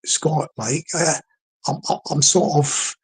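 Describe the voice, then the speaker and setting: Scottish man, husky voice, chatty livestream host who repeats himself. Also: on the high side, slow, low-quality recording. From Scotland. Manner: chatty, repeats words, many restarts. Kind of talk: rambling comedic live commentary.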